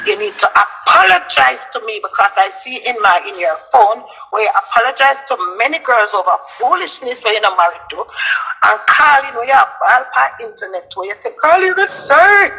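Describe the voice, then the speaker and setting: A Jamaican woman tears into someone in a long, accusing rant. Her voice is husky with a gravelly crackle, yet it cuts bright and tense, and her pitch leaps from low mutters to sudden high outbursts. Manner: heated, accusing, lurching pitch. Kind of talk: angry ranting monologue.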